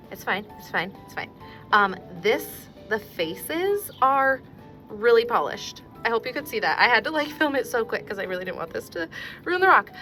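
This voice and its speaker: A young woman hosting a casual hobby vlog, excitable and quick to gasp and laugh. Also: fairly high pitch. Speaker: rock tumbling channel host.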